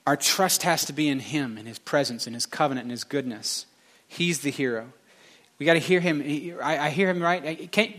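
Male pastor, fairly high pitch, emphatic and passionate, rhythmic repetition in delivery. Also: moderate pace, a bit bright. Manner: passionate, emphatic preaching with repeated phrases. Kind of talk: sermon.

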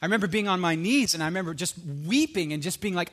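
A man giving an earnest personal testimony, animated at times and dropping low and quiet for emphasis. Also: fast, hardly any pauses. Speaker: speaker sharing his faith story.

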